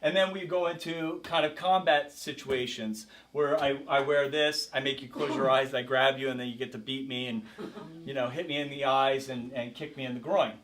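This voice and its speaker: A man's voice: mid-range voice, fairly even intonation, normal speed, a bit bright. A man teaching a self-defense class as karate instructor, coaching a group with energy and calling out drills. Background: group of participants.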